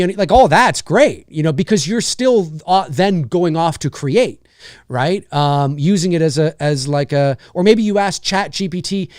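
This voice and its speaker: Rambling, high-voiced male livestream host. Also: lively intonation, measured pace, darkish tone, no room sound, studio quality. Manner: rambling, thinking aloud with many restarts; candid, casual swearing. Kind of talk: casual chat.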